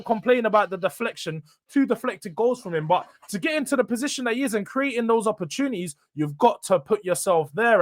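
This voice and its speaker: A young man hosts a fan reaction show, speaking in a fairly high voice. He rants with frustration, building into sudden loud outbursts before dropping back down. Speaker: host. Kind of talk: fan match reaction monologue.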